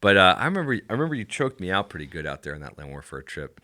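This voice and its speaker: Male podcast guest, low and forceful, lively storyteller. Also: very fast. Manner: animated storyteller, laughs often. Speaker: podcast guest, former Navy SEAL. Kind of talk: casual storytelling chat.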